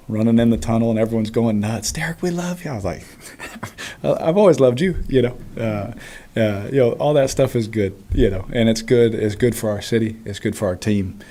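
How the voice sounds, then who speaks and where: This quarterback, a man in his thirties with a fairly low voice, fields postgame press questions. He sounds at ease, chuckling often and using plenty of fillers.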